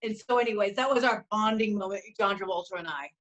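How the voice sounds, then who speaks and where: A woman's voice: mid-range voice, fast talker, fairly bright tone. A middle-aged woman co-hosting a casual talk show, telling stories in an effusive, rambling way. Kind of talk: casual chat.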